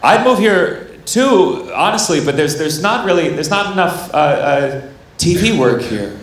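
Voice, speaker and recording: An American man doing stand-up comedy, with a slightly high voice and a wry, stammering delivery. He sounds loud and reverberant, as if in a big echoey venue. Noise from the crowd is clear behind him. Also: expressive. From United States. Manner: stammering restarts, wry and quick.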